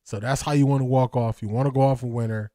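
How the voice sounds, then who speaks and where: Excitable, breathless male stream host, mid-pitched voice, dry close sound. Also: fast, no echo. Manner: excitable, laughing, addresses viewers as y'all. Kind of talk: live watch-party commentary.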